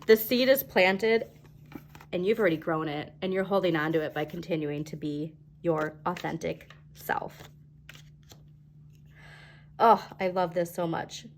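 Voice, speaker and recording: A woman doing a casual tarot reading to camera, bubbly and chatty, with many fillers and quick laughs. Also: lowish voice, slight background noise. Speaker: tarot reader.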